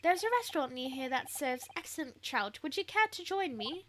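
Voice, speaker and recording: A woman's voice: high voice, very animated, brisk, fairly bright tone, a little hiss or hum. A woman voicing an eccentric male British detective who talks in a breezy, grandly philosophical way.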